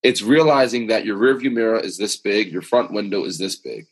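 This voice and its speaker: A man with a low, husky voice, talking as a podcast guest. He speaks earnestly and emphatically, in a motivational tone that pushes his points home. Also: brisk. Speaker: guest, author and speaker on self-awareness. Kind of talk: podcast interview conversation.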